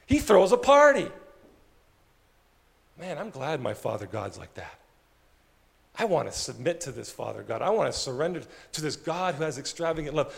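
A male pastor preaches with animated storytelling and often drops his voice low and quiet for emphasis. His voice sits high, and a gravelly rasp runs through it. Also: moderate pace, long pauses, big-room sound. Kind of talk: sermon.

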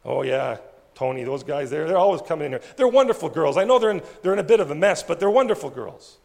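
A man's voice: a little high, very animated, fast, creaky, a little mellow. A man playing a big-hearted diner cook. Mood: fond. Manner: emphatic and good-natured.

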